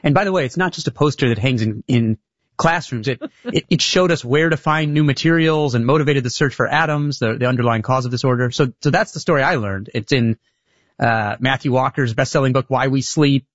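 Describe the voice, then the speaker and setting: A man's voice: mid-range voice, fairly quick. A man talking as a guest author in an interview, explaining things carefully and sometimes restarting his sentences. His voice sounds slightly muffled and dull. The room sounds dry, with no echo. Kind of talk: interview conversation.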